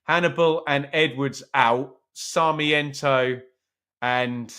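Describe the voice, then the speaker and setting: A man's voice: medium pitch, fairly even intonation, slow, sharp tone. A man hosting a live football watch-along, chatting casually, joking about himself and answering viewers' comments. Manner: chatty, self-mocking, reads chat aloud.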